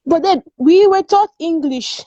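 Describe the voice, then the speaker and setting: Woman, high voice, emphatic, repeats words, dull muffled recording. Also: measured pace, mellow, no echo. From Nigeria. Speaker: guest panelist. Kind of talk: casual opinion discussion.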